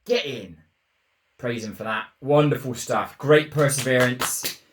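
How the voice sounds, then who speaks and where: A man commentating live on his own football management game, swinging between muttered frustration and loud shouts at goals. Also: mid-range voice, a little slow. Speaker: gaming YouTuber.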